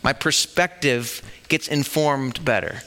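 A man's voice: mid-range voice, slow pace, bright, forceful tone. A man preaching a sermon at a church service, talking conversationally and asking the congregation rhetorical questions. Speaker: pastor.

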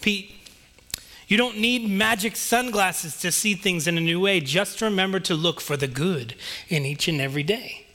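A wise old owl, put on by a man telling a story, speaking calmly and in measured words. The voice stays bright, and a touch lower than the narration.

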